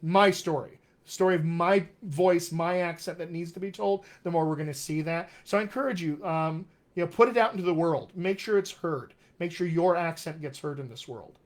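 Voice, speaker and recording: Upbeat man, slightly high voice. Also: moderate pace, hardly any pauses. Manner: upbeat and encouraging, reads out viewer comments. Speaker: dialect coach hosting a live Q&A. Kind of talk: casual live-stream chat.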